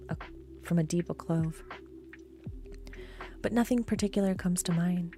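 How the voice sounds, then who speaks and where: A woman reading a story aloud on a live stream, slow and hushed, often dropping to a whisper. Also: lowish voice.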